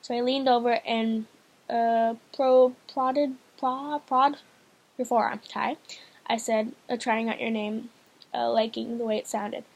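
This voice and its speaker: A woman's voice: a little high, level tone, unhurried, vocal fry, a little mellow, lo-fi sound. A woman reading a novel aloud in a casual, hesitant way, often stumbling and restarting lines. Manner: hesitant, frequent restarts and fillers. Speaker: audiobook reader, channel host.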